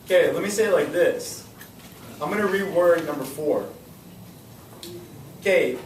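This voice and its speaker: Young male teacher, energetic classroom lesson, recorded far off in a noisy, roomy classroom. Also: fairly high pitch, measured pace, pauses often. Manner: energetic, repeats questions to students. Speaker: high school science teacher.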